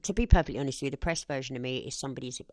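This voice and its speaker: A woman's voice: very deep voice, rapid-fire, no echo. A woman, a podcast guest telling stories in a casual interview and acting out other people's lines. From southeast England. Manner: lively storyteller who acts out other people's lines.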